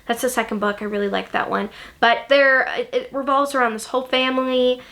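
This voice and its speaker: A woman's voice: high voice, fairly even intonation, brisk, a bit bright. A young woman chatting casually about books she loves, gushing, with lots of ums and likes. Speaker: book vlogger. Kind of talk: casual chat.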